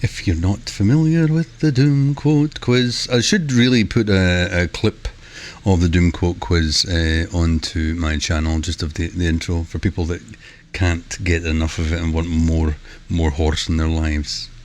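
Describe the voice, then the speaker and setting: A man's voice: deep voice, steady tone, measured pace, slight background noise. Rambling jokey man streaming. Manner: rambling, jokey, talks to chat. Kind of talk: casual live-stream chat. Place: home room. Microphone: headset.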